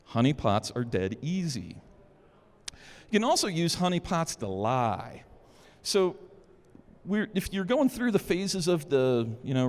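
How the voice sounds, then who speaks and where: A man giving a security conference talk in an informal, joking way. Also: mid-range voice. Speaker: conference speaker. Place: conference hall. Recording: long hall reverb.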